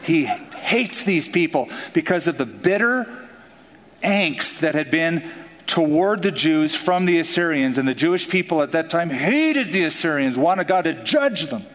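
A man preaching a sermon in an animated, joking way, acting out the voices of the people in his stories. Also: on the high side. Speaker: pastor. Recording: long hall reverb.

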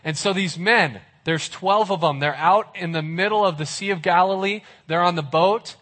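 A man's voice: high-pitched, normal speed, fairly bright tone. A man preaching a sermon as a pastor, retelling a story vividly with casual asides to the listeners.

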